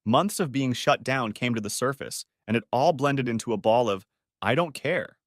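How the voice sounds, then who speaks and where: A man's voice: mid-range voice, normal speed, no room sound, studio quality. A man narrating a reflective, emotional first-person audiobook story.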